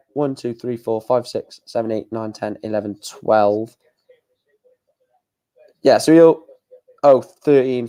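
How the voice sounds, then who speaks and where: A man calls darts scores on his live stream at an unhurried pace, his voice sitting a little high. His talk is chatty and exclamatory, with mild swearing between results. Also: darkish tone.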